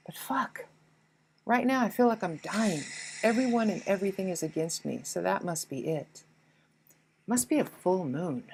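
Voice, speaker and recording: A woman's voice: fairly low pitch, slight background noise, low-quality recording. A woman voicing a petty, defensive inner ego that blames everyone else, whiny and indignant, with swearing. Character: petty defensive ego voice, self-pitying, blaming others.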